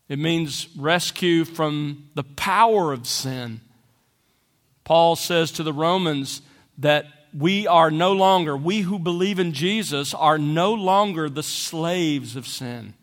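Male pastor, high-pitched for a man, slow deliberate sermon delivery, echoing church. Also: a bit bright. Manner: slow and emphatic, stressing key words. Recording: long reverb of a church hall.

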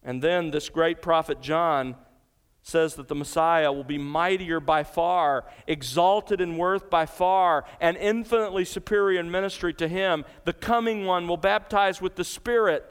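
A man's voice: a little high, a little slow, clear, resonant tone. A man preaching an expository sermon as pastor, earnest and emphatic, asking the congregation rhetorical questions. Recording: large hall with long reverb.

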